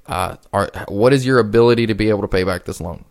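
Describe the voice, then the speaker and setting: A man's voice: on the low side, fast talker, gravelly. A man in his twenties hosting a solo podcast, talking casually and rambling with frequent restarts. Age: 20s. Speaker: podcast host.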